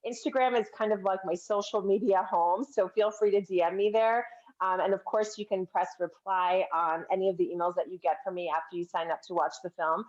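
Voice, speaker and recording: A woman's voice: mid-range voice, steady tone, fairly quick, darkish tone, dull audio. A woman filmmaker talking on a video call, telling stories in an earnest, chatty way with plenty of fillers. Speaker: filmmaker guest. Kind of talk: casual interview chat.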